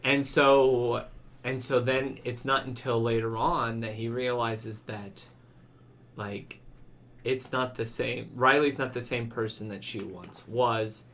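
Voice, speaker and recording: A man's voice: mid-range voice, steady tone, slow pace, fairly bright tone, slight background noise. Chatty man rambling through a podcast. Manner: rambling, many "like" fillers, acts out quoted lines. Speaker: podcast co-host. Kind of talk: casual chat.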